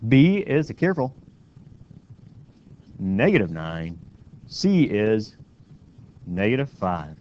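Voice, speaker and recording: A man teaching a classroom math lesson, walking students through each step and often checking in with a quick question. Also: lowish voice, very animated. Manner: walks students through steps with frequent questioning "right?". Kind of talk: classroom lecture. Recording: dull lo-fi classroom recording with faint noise.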